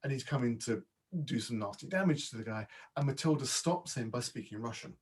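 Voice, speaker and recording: Husky-voiced man, dialect coach chatting. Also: mid-range voice, brisk. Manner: chatty, with frequent false starts and repeats. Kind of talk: casual interview chat.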